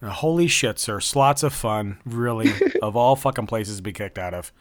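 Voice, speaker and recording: A man's voice: lowish voice, moderate pace, no echo. A man hosting a podcast, introducing calls and reacting with profane, laughing remarks. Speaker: podcast host. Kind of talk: casual chat.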